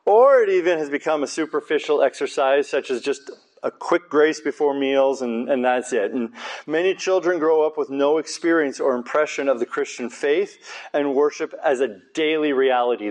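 A man's voice: medium pitch, moderate pace. A man preaching a conversational sermon in a church, earnest and informal, with casual asides to his congregation.

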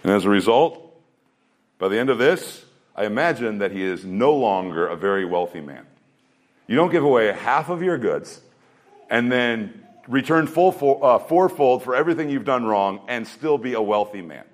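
A man's voice: medium pitch, lively intonation, moderate pace. Earnest man preaching a sermon. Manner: earnest preaching, rhetorical questions, shifting pace. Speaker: pastor.

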